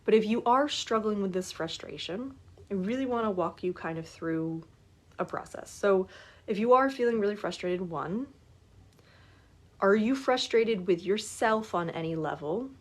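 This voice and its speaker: A woman's voice: mid-range voice, expressive, moderate pace. A woman in her forties talking casually to her viewers as a life coach. She is chatty and keeps asking for agreement as she goes. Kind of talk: casual live talk to viewers.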